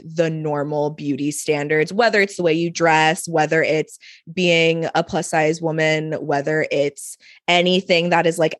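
A young woman with a slightly low voice talks in a loose, chatty way, scattering "like" through her sentences. She sounds close and dry, with no room around her. She laughs easily while co-hosting a casual podcast. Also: dry recording. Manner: chatty, fillers of "like", frequent laughter. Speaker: podcast co-host. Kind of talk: casual chat.

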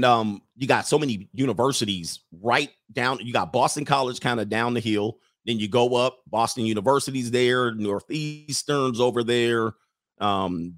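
A man's voice: medium pitch, no room sound, studio quality. A man hosting a livestream in casual chat, rambling and laughing often as he reads out viewer messages.

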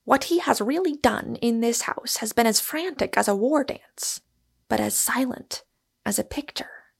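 A woman reading an audiobook, voicing a reflective gentleman who lays out a theory. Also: fairly high pitch, lively intonation, unhurried, creaky, breathy edge, full character voice. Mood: musing. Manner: reflective, lecturing. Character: musing, witty gentleman explaining a theory.

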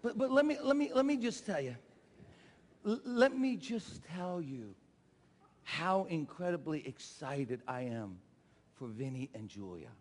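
Animated pastor in a reverberant hall. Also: male voice, fairly high pitch, unhurried. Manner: animated storytelling with shouted quotes. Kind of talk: sermon with a personal story.

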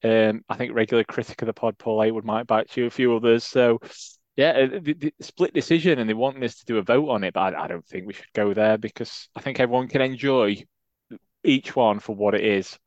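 A man's voice: mid-range voice, fairly quick, dry recording. A man co-hosting a football podcast, chatting casually with rambling, stammering restarts. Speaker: podcast co-host. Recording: dull, lo-fi dry sound.

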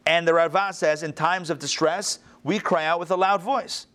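Reading aloud from the book and then talking it over, this Torah teacher runs a text-study class with a voice somewhat higher than the typical man's. His delivery is conversational and animated, and he keeps restarting and tossing in quick asides.

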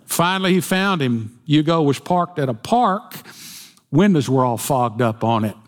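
A man's voice: on the high side, animated, measured pace. A man preaching a sermon in a folksy storytelling way, with jokes. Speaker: pastor. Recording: long hall reverb.

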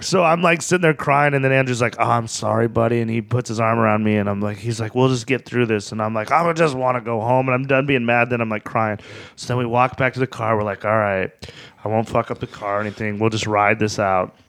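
A man telling a chaotic night-out story as a podcast guest. He swears constantly and jumps into loud, acted-out quotes. His delivery is casual, rowdy and animated. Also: on the low side, fast talker, creaky. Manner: profane, animated, acts out quotes loudly. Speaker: guest comedian.

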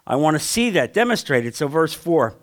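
Impassioned, high-pitched male preacher. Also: sing-song, moderate pace. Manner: impassioned preaching with sudden swings between loud and hushed; asks the congregation questions. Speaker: pastor. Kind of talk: sermon.

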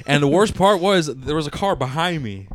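A man's voice: on the high side, expressive, moderate pace. A young man rambling through a profane story in casual chat, with many restarts.

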